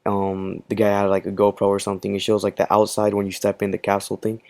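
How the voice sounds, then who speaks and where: A man's voice: fairly low pitch, monotone, fast, darkish tone, no echo. A man telling a personal story in casual commentary, rambling with many fillers. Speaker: channel host.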